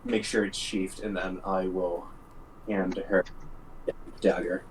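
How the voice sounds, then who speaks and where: Very deep-voiced man at a game table. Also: steady tone, slow pace, far from the mic, slight background noise, poor audio. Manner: hesitant, with many fillers. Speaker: player. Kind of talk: casual tabletop play.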